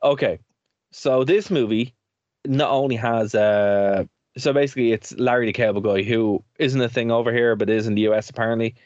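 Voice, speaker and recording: A man's voice: mid-range voice, steady tone, moderate pace, a little mellow, no room sound, muffled recording. A man co-hosting a radio show and podcast, chatting casually and rambling as he laughs often. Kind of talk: casual chat.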